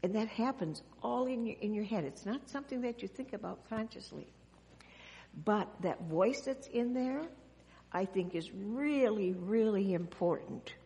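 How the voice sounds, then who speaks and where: A woman pastor giving a children's message in church, speaking gently and asking the children questions as she goes. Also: medium pitch, animated, measured pace. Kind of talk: children's sermon. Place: church sanctuary. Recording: long church reverb.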